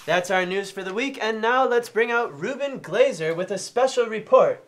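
A man's voice: high-pitched, lively intonation, moderate pace, over music. A young man co-anchoring an amateur spoof news show, delivering crude headlines dryly. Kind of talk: parody news reading.

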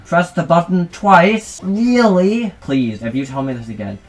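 A man's voice: on the high side, animated, moderate pace, faint music behind. A man casually commenting on a game he is streaming, joking around and calling everyone dude. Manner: joking, keeps saying dude.

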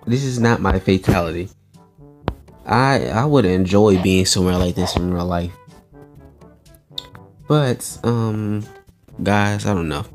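A man's voice: low voice, darkish tone. A man hosting a gaming channel, giving casual, chatty commentary while he plays and often laughing and talking to his viewers.

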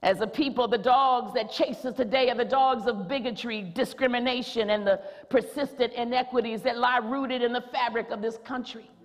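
Woman preaching, high voice, rhythmic repeats and shouting, long church reverb. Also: fairly even intonation, normal speed, few pauses. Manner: rousing, rhythmic repetition, rising to shouts. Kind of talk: sermon. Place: church sanctuary.

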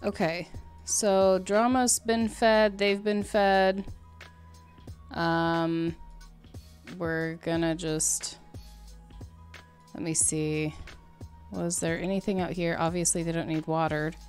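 A woman's voice: fairly low pitch, fairly even intonation, takes it slowly, long pauses, a little mellow, faint music behind. A woman giving casual, chatty commentary over her life-sim game, talking to her characters and laughing often. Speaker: gameplay streamer.

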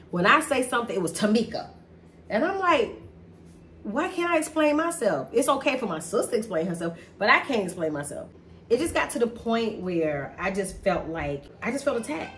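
A woman's voice: mid-range voice, a bit bright, slight background noise. A middle-aged woman in an emotional, casual chat, talking animatedly and repeating herself for stress. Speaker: host talking about a family conflict.

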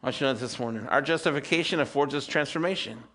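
Racing along in a mid-range voice, a pastor in his fifties preaches to his congregation. He veers between loud, emphatic peaks and quiet asides, using rhetorical questions and calls for amen.

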